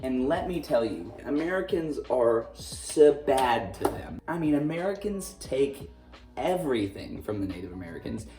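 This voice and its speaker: A man's voice: mid-range voice, big pitch swings, moderate pace, mellow. Male history teacher with a casual, wisecracking delivery, recorded off-mic in a reverberant room. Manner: jokey, sarcastic asides. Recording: roomy echo, distant mic, faint music.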